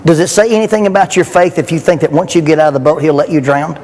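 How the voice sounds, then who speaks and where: Middle-aged preacher guy, earnest questions, kinda high voice, echoing church hall. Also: fairly even intonation, fast, darkish tone. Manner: earnest, emphatic, with rhetorical questions. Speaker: speaker at a youth rally. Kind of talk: sermon. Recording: long reverb in a church hall, faint background noise.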